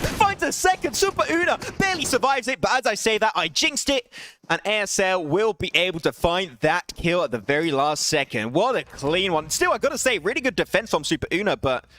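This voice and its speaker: A young man calls a mobile battle royale match by himself on a live stream. He talks quickly and climbs into excited shouts at the big plays. His voice sits high. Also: a little hiss or hum. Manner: excitable, rising to shouts at big plays, laughing apologies to chat. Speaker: esports caster. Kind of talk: solo live esports play-by-play.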